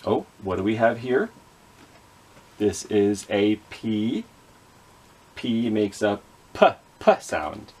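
A man's voice: lowish voice, breathy edge. A man leading a children's reading skit with puppets, patiently sounding out letters and words. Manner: gently apologetic with the puppets. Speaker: children's librarian.

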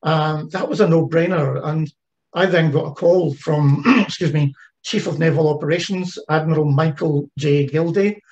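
A man's voice: a little high, normal speed, darkish tone, dull audio. A man giving an online presentation about a heritage ship project, talking conversationally with frequent fillers and restarts. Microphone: video call.

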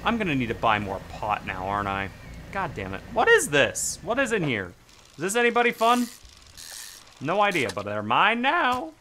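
Male gaming streamer, bright and tense tone, chatty and profane, argues with game characters. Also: a little high, normal speed, a little hiss or hum. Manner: animated, swearing, talking back to game characters. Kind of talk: casual gameplay commentary.

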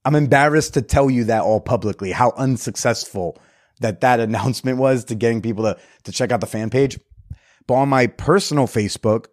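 A man's voice: mid-range voice, brisk, no room sound, studio quality. A man hosting a podcast, telling a story in a candid, self-reflective way and swearing casually. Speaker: podcast host.

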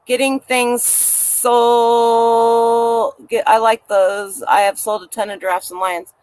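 A woman's voice: fairly high pitch, little pitch movement, slow, darkish tone. A woman vlogging casually as a reseller, chatty and rambling as she shows her finds. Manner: chatty, rambling, talks to people and dog nearby. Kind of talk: casual chat.

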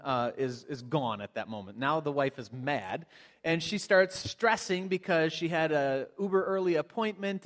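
A man's voice: a little high, a bit bright. A man preaching a sermon as pastor, telling a story in a conversational way with frequent restarts. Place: church sanctuary.

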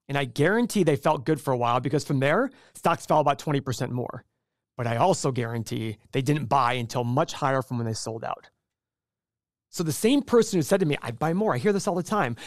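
A man's voice: fairly high pitch, no room sound, clean studio sound. A middle-aged man hosting an investing show, talking casually and emphatically, with rhetorical questions and acted-out quotes. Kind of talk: casual explanatory talk to camera.

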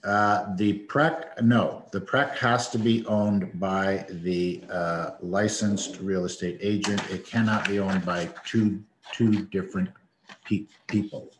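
A low-pitched man explains taxes plainly on a webinar, checking in often to make sure he is understood. His voice sounds echoey, as if he is talking in a bare room. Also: steady tone, takes it slowly, slight background noise. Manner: plain-spoken, checks understanding with repeated "okay". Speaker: accountant co-host. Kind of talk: explaining tax in a live webinar.

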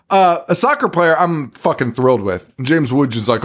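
Animated laughing podcast guy. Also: on the high side, moderate pace, breathy edge. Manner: profane, laughing, acts out quotes. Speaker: podcast co-host. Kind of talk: casual movie chat.

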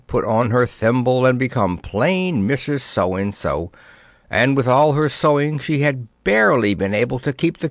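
A man narrating a children's storybook in an expressive, playful way. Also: mid-range voice, no room sound. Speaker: audiobook narrator.

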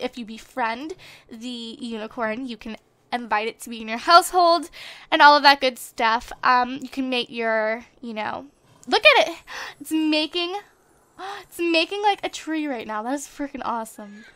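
A young woman giving chatty, excitable let's play commentary as a gaming channel host on a desktop microphone at home. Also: sits high, moderate pace, no echo. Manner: chatty and excitable, gasping at surprises. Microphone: desktop USB microphone.

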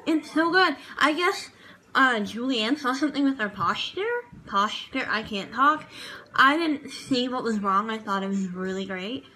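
A woman's voice: on the high side, animated, normal speed, bright, forceful tone, a little hiss or hum, low-quality recording. A woman chatting casually in a vlog review of a TV show, gushing and rambling with lots of fillers. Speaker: vlogger reviewing a TV dance show.

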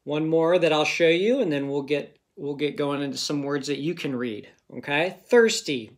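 A man's voice: on the high side, moderate pace. A male teacher giving a phonics lesson to children, patiently sounding out words and checking in with "okay?" again and again.

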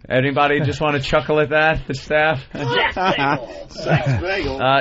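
A man's voice: fairly high pitch, sing-song, slow, pauses often. Joking male radio host, lo-fi. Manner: joking, reading a memo aloud with mock gravity. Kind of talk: casual radio banter. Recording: dull lo-fi broadcast with faint hiss.

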